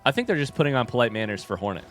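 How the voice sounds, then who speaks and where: East coast guy streaming a game, talks thru his thinking, jumpy and excitable, average pitch. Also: rapid-fire, soft background music. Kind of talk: live gameplay commentary.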